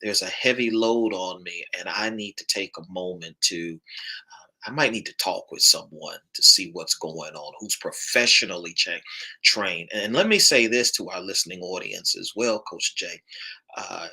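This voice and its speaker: Male pastor with a tense, forceful low voice, preaching cadence on a panel. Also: normal speed, slightly rough, low-quality recording. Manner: emphatic, rising preacher-like delivery.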